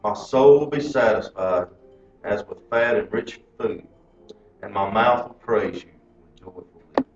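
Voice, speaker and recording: A man's voice: lowish voice, unhurried, crowd noise. Man reading scripture aloud from afar. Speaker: group member reading scripture. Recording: distant echoey lo-fi recording.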